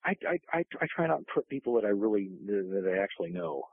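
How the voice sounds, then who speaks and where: A man with a very low, gravelly voice tells long family stories, circling back with restarts and fillers. His voice comes through a tinny phone line, dry and close. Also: sing-song, fast, no room sound. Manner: rambling, many restarts and fillers. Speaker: guest author. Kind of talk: casual storytelling interview.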